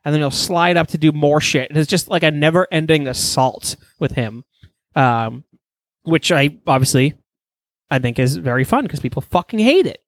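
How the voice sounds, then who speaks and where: A man in casual podcast chat, enthusiastic and rambling, peppering his talk with swears. His voice sits slightly high for a man. The recording is dry and close, with no room sound. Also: expressive, moderate pace, no room sound. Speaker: podcast co-host.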